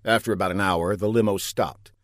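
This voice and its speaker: A man narrating a comic story with a deadpan, pun-heavy delivery. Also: low-pitched, fairly quick, no room sound, studio quality.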